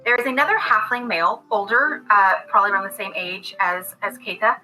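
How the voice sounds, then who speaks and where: A woman's voice: mid-range voice, fairly quick, sharp tone, faint music behind, low-quality recording. A woman narrating a tabletop game as game master, casual and rambling with many fillers.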